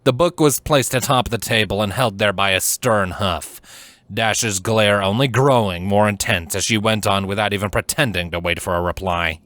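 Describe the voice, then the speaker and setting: A man reading fan fiction aloud as scripted narration, measured and steady. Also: on the low side, dry recording. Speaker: fanfiction reader.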